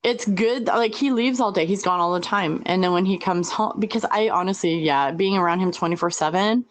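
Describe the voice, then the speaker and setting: A woman co-hosting a relaxed podcast chat. Her voice sits a little low, and she talks haltingly, repeating herself as she feels her way. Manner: hesitant, many fillers and repeats. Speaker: podcast co-host. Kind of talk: casual chat.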